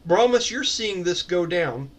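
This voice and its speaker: A man running a tabletop game from home, his voice sitting slightly higher than most men's. He narrates in a chatty way, full of "um" and "so" as he leads the players. A faint hiss stays under his voice throughout. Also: expressive, unhurried. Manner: chatty, filler-heavy narration. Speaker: game master.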